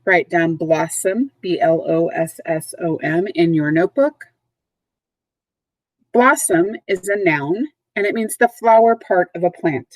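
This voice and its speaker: A woman teacher giving a recorded vocabulary lesson, speaking patiently and clearly, repeating and spelling out words, recorded at home. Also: fairly low pitch, a little slow, no echo, rough recording. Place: at home, dogs nearby.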